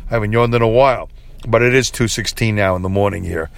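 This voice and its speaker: A man's voice: fairly low pitch, fast, creaky, clear, resonant tone. A tired middle-aged man hosting a late-night solo podcast, talking candidly and rambling with many fillers and restarts. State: tired, yawning. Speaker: podcast host.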